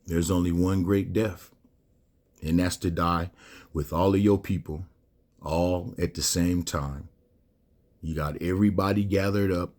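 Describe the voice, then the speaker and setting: A man's voice: low voice, steady tone, unhurried, pauses often, darkish tone. A middle-aged man hosting a raw monologue, full of rhetorical questions and slang, getting emotional and close to tears as he talks. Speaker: host. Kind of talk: monologue to camera.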